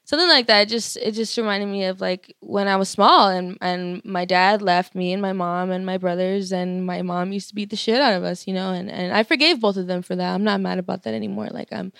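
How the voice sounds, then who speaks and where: A woman's voice: medium pitch, creaky, no room sound, studio quality. A young woman musician talking candidly in an interview, casual and frank, swearing often and laughing between thoughts. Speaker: touring musician.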